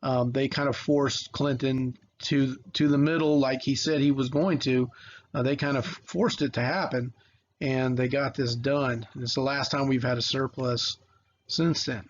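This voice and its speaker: A man's voice: medium pitch, fairly even intonation, a little slow, dull audio, a little hiss or hum. A man teaching a recorded history video lesson in a casual, rambling way with lots of fillers and restarts.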